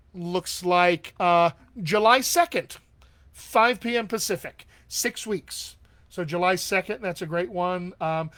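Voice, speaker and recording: A man's voice: on the high side, fairly bright tone. A man working as a dialect coach, answering viewer questions in a live online session in an upbeat, encouraging way and often checking in with his listeners.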